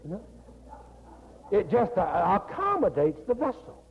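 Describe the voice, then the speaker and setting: An older man with a North Carolina accent, preaching a folksy sermon as a pastor, with a gravelly, husky voice that keeps slipping into "you know" and laughter. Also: sits high, wildly swooping pitch, a little slow. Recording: dull lo-fi recording in a reverberant hall.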